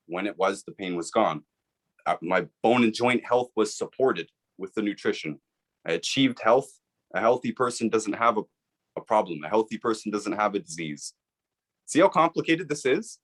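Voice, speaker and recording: A man's voice: lowish voice, a bit bright. A man, the guest and author, explaining his views in an interview with an earnest, persuasive manner, often checking in with "right?".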